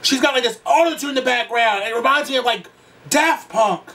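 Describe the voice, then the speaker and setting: A very high-voiced man reacts briskly to a pop song in a vlog, gushing, campy, cursing, and letting out sudden shrieks. As a music reaction YouTuber, he's recorded on a distant mic, slightly off-mic, with the song playing loudly behind.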